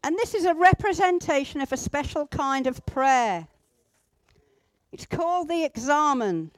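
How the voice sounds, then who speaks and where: A woman teaching a group how to pray, gentle and instructive, with pauses. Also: high voice, expressive, no room sound. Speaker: church group leader. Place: indoor room with a group at tables.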